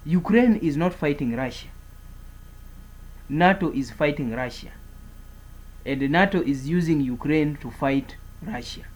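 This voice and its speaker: A man's voice: medium pitch, a little mellow, rough recording. A man giving a political commentary monologue, speaking in an emphatic, repetitive way as he declares and warns.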